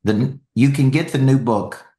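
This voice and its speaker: A man giving a motivational talk to an audience as a coach, telling stories with lively energy and repeating phrases for emphasis. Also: medium pitch, a little slow, roomy sound.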